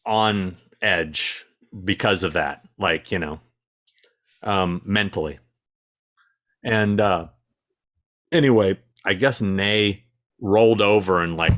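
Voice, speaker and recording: A man co-hosting a casual live chat, telling stories in an animated way and laughing easily. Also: sits low. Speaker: co-host.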